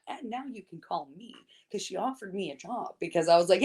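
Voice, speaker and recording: A woman guest on a podcast, telling a story in casual chat, swearing often and talking in a lively, laughing way. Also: medium pitch, brisk, hardly any pauses.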